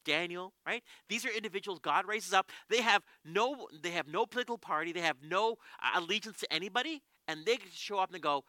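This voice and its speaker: A man preaching a sermon as a pastor, telling stories in an animated way with frequent restarts. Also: sits high, fairly quick, hardly any pauses, no room sound. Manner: animated storytelling with many restarts.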